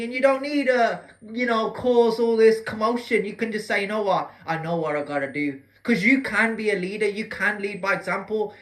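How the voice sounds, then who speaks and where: A man's voice: high voice, a bit bright. A man delivering a rambling, agitated rant to camera. He swears often, stumbles over words and drops slangy asides like "bro". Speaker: vlogger. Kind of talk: ranting monologue to camera.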